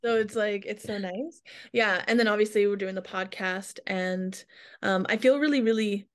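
A woman's voice: mid-range voice, moderate pace. Chatty woman hosting a podcast. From Alberta, Canada. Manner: chatty, self-deprecating, emotional at times. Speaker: podcast host. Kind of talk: casual podcast chat.

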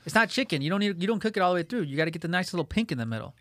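A young man co-hosting a podcast, ranting in an animated way and swearing heavily in casual banter. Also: high voice, rapid-fire, no echo. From Italian-American family. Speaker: podcast co-host.

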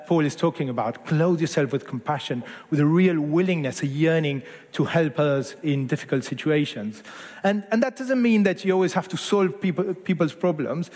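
A man in his forties from Argentina delivers a sermon with a fairly high voice. He talks in an earnest, conversational way, often restarting his phrases, and his voice rings with long reverb in a church hall. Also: darkish tone. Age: 40s. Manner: conversational, earnest, self-correcting. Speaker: preacher.

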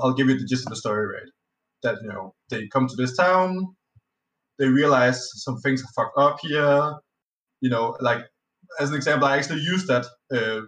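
A man's voice: mid-range voice, a bit bright. A man, a native Danish speaker, chatting casually as a podcast guest, rambling through a tabletop game anecdote with lots of fillers, restarts and swearing. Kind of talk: casual storytelling chat. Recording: roomy echo, slightly off-mic.

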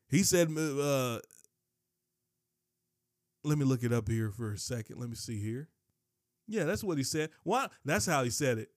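A man preaching a sermon, emphatic and repetitive, his voice leaping from low stresses to high shouts. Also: no room sound, studio quality.

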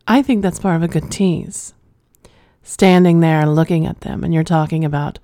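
A woman's voice: steady tone, normal speed, dark tone, no room sound, clean studio sound. A woman hosting a flirty adult podcast, teasing and sultry, laughing often as she talks. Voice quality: low sultry voice. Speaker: podcast host.

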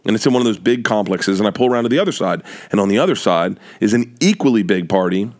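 A middle-aged man telling a loud, animated story as a guest on a comedy podcast and acting out the voices in it. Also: lowish voice, fast.

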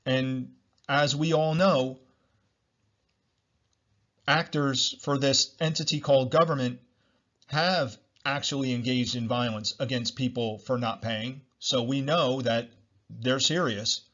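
A man's voice: mid-range voice, takes it slowly, fairly bright tone, highs cut off. A man hosting a solo podcast, talking bluntly, repeating himself and swearing freely. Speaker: podcast host.

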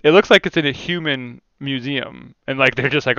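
A man with a gravelly, bright voice talks through a card game list in a rambling, animated way and laughs often. The sound is dry and a little muffled, as if from a lo-fi mic. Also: medium pitch, a little fast, hardly any pauses, dry recording. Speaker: podcast co-host. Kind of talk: casual card game discussion.

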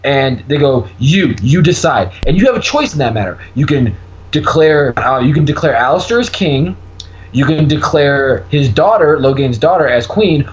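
Animated, swearing man telling a story. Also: fairly high pitch, normal speed. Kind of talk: casual chat. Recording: dull lo-fi recording, faint noise.

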